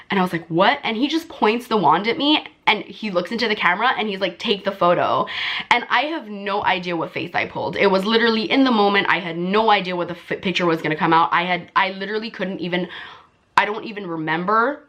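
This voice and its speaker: Young woman, casual storytime vlog, lots of likes and ums, emotional, squeals high in excited bits. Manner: chatty, full of "like" and "um" fillers. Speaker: vlogger.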